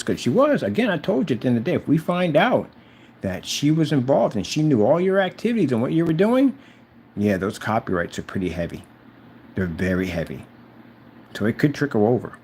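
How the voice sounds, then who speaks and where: A man's voice: medium pitch, very animated, fairly quick, a little mellow, a little hiss or hum. A man in a mocking, confrontational rant aimed at someone who isn't there, repeating his jabs over and over. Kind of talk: taunting rant addressed to someone absent.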